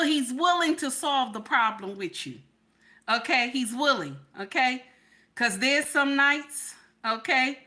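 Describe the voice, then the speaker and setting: A woman riffs in an animated, casual commentary. Her voice sits high and sounds bright and sharp. She keeps repeating her points and tagging them with "okay?". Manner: animated, bursts into laughter and shouts, repeats phrases with "okay?".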